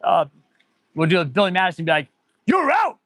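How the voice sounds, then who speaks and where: A man's voice: fairly high pitch, steady tone, quick pace, fairly bright tone, no echo. A man in his forties, an auto mechanic hosting a casual livestream, rambling and answering viewer chat as he goes. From United States.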